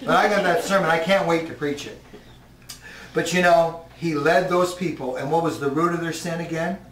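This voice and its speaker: A man with a fairly high, fairly bright voice preaches a sermon conversationally, frequently putting questions to the congregation. He keeps a steady tone at normal speed, recorded from a distance in a roomy hall with slight background noise.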